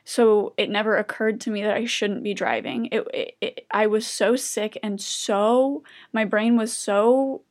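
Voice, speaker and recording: Young woman, vlogger, confessional talk, earnest, halting restarts, emotional, middle pitch. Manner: openly emotional. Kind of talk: personal confessional talk to camera.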